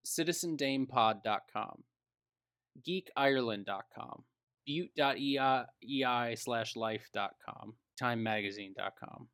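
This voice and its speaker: Bright-voiced ranting podcast man. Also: medium pitch, unhurried, no room sound, studio quality. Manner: loud, ranting, swears. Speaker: podcast co-host. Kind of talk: casual chat.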